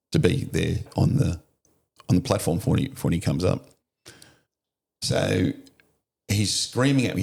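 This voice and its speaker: A man's voice: deep voice, gravelly, a little mellow. A middle-aged Australian man telling a story as a podcast guest, blunt and vivid, with some swearing. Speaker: podcast guest, former police officer. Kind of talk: storytelling in an interview.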